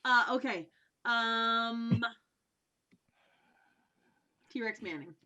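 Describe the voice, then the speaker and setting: A woman running a tabletop game as game master, narrating haltingly with many fillers. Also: on the high side, bright, forceful tone, clear, resonant tone, dull audio.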